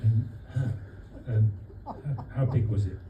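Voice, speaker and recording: Over phone-quality sound and background noise, a fairly low-pitched man from London delivers a humorous birthday speech for his wife to friends in a restaurant dining room. His timing is dry and deadpan, with many pauses and fillers. The room echoes, his voice sounds distant, and guests laugh.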